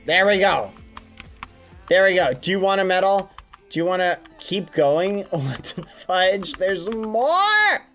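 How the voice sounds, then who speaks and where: A streamer in casual live-stream gaming chat, talking straight to viewers and swinging from groans to high shrieks. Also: measured pace, fairly bright tone, soft background music.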